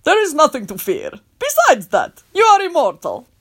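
A woman voicing a calm, matter-of-fact man who drives a goblin cart in a storybook reading. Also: sits high, normal speed, pitched above the performer's own voice, exaggerated voice.

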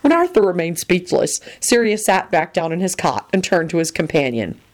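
A woman reading a story aloud with expressive storytelling. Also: fairly low pitch, moderate pace. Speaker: reader. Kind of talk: reading fan fiction aloud.

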